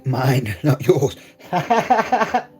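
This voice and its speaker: A man's voice: fairly high pitch, big pitch swings, very slow, a little mellow, faint music behind. Chatty man streaming from his phone. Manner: chatty and laughing, talks straight to viewers in the chat. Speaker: live streamer. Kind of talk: casual live-stream chat.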